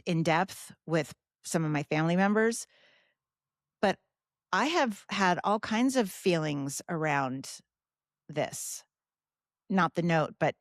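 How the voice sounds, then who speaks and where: A woman in her fifties, hosting a podcast, talking candidly and emotionally about grief in a halting way, with frequent restarts and some swearing. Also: lowish voice, no echo, clean studio sound. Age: 50s. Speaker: podcast host. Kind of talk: personal grief talk.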